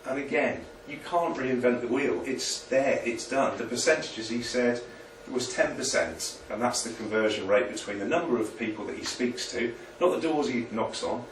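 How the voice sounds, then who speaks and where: A man's voice: medium pitch, moderate pace, few pauses. A chatty, self-deprecating man giving a motivational talk to a live audience. His voice is heard from some distance off the mic, with the room's echo around it and a faint hum of ambience behind him. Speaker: presenter. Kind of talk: informal business presentation. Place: meeting room with an audience. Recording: echoey room, picked up from a distance.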